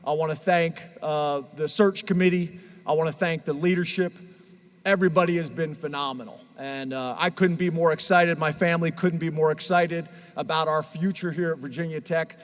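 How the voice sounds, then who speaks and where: A man with a high, bright-edged speaking voice gives an earnest, emotional press conference address, stumbling into restarts and fillers now and then. His voice rings out with a long reverb tail, as if in a large hall. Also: fairly even intonation, normal speed. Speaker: head football coach.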